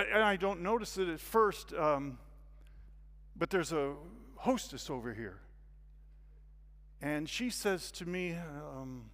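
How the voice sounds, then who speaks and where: Animated male preacher in a reverberant hall. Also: fairly high pitch. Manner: animated, acts out scenes with sudden loud bursts. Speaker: guest speaker. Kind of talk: storytelling sermon.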